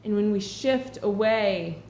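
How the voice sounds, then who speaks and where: A woman's voice: mid-range voice, slow pace, a little mellow. A woman talking earnestly and reflectively to camera in a casual spiritual vlog. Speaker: spiritual vlogger. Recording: echoey room with faint background hum.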